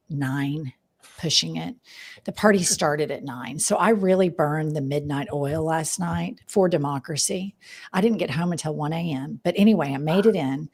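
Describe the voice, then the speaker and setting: A woman with a Southern US accent, a podcast host telling a story as a panel guest in a candid, profane, animated way. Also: lowish voice.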